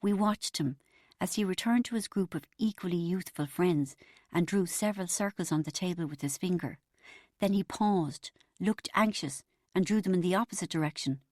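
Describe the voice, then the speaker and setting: A woman narrating a comic novel as an audiobook, telling it in a wry, lively way. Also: fairly low pitch, dry recording, clean studio sound.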